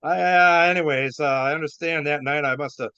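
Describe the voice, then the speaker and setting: A man's voice: on the high side, fairly even intonation, a little fast, sharp tone, clean tone, no room sound. An older man, a former wrestler, telling rambling stories with chuckles, fillers and restarts. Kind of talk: rambling storytelling. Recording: dull dry lo-fi sound.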